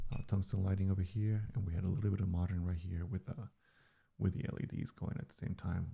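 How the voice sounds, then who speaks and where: An older man chatting casually on a live stream, loose and rambling, speaking into a studio microphone. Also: mellow. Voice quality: deep gravelly voice. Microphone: studio dynamic microphone.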